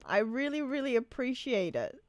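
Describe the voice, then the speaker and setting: A woman's voice: high voice, very animated, normal speed, no room sound. A woman chatting casually on a live stream, reading out and answering viewer messages. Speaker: streamer reacting to a manga chapter.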